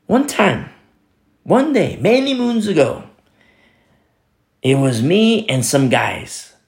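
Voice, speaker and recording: Guy preaching real slow, a bit high, says things twice for emphasis, chatty little asides. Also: very animated, gravelly, a little mellow. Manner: emphatic, repeats phrases for stress; storytelling asides with fillers. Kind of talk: sermon.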